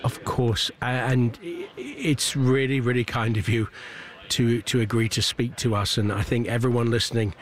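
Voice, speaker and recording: Gentle, slightly stammering male radio host. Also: mid-range voice, lively intonation, moderate pace. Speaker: interview host. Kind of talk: radio interview.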